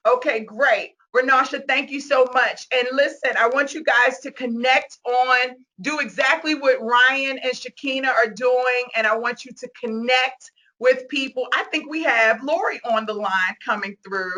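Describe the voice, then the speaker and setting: A woman hosting a virtual meet-and-greet over a video call, gushing and excitable, laughing often and close to tears. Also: high-pitched, unhurried, hardly any pauses. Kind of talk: casual video-call chat.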